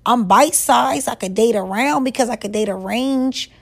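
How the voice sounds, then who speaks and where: A woman vlogger giving relationship advice in a blunt, profane, scolding rant, stretching words and jumping up in pitch for emphasis. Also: moderate pace, creaky. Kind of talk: casual rant to camera.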